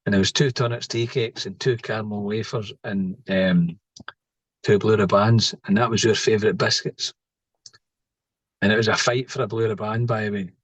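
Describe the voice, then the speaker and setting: A middle-aged Scottish man speaks as a podcast guest, spinning out a personal story in loose, rambling sentences. He keeps checking in with the listener with a quick "right?" The recording is close and dry, with no room sound. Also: fairly low pitch, fairly even intonation, no echo, low-quality recording. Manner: rambling, tags lines with "right?". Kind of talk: casual storytelling.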